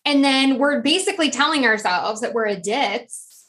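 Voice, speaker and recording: A woman's voice: on the high side, lively intonation, moderate pace, fairly bright tone. A middle-aged woman from New Jersey, a podcast guest chatting casually and animatedly, acting out voices when she quotes people. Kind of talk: casual conversation.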